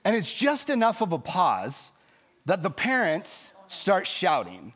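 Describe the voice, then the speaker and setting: A man pastor preaching a sermon, telling a story in a lively way and acting out the people in it. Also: high-pitched, takes it slowly. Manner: storytelling, animated, acts out quoted voices.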